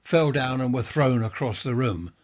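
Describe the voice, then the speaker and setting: A man's voice: medium pitch, animated, normal speed, voice pushed up, natural voice. A man reading a ghost story, voicing an exasperated father who storms and blusters. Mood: angry. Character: angry worried father, blustering.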